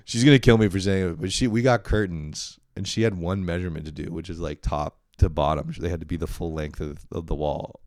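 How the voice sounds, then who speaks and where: A man's voice: low-pitched, steady tone, fairly quick, darkish tone, no room sound, studio quality. A young man hosting a podcast, talking in a rambling, profane, self-deprecating way and often laughing. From Canada. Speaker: podcast host. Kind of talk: casual solo podcast monologue.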